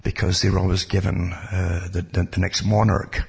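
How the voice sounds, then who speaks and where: Gravelly low-voiced man rambling through history. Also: little pitch movement, moderate pace, a little mellow. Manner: rambling, digressive, asides like "you see". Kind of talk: casual spoken history monologue.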